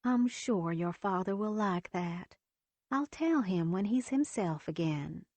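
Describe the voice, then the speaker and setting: A woman voicing a kind female nurse who speaks gently, steadily and reassuringly. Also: mid-range voice, animated, takes it slowly, no room sound.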